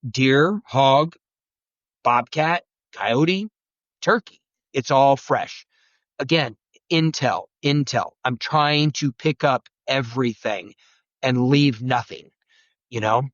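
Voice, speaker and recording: A man who is a guest turkey-hunting expert, telling rambling, animated stories and acting out quotes. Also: medium pitch, slow, pauses often, no room sound, highs cut off. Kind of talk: storytelling conversation.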